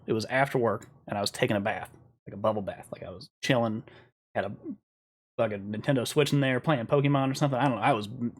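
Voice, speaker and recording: A man co-hosting a podcast, telling stories in a blunt, casual way with plenty of swearing. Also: mid-range voice. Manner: storytelling, profane and blunt. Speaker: podcast co-host.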